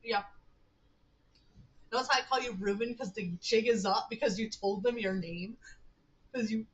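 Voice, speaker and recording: A woman streaming a text game, reading its narration aloud and chatting excitably with her viewers. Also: a little high, normal speed, poor audio. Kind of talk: casual live-stream gameplay with narration read aloud.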